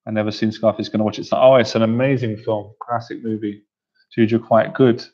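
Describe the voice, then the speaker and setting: A man's voice: lowish voice, flat delivery, fairly quick, a little mellow. A man coaching a group on dating, in a chatty, playful way with frequent laughter. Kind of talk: casual coaching talk to a group. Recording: dull lo-fi recording.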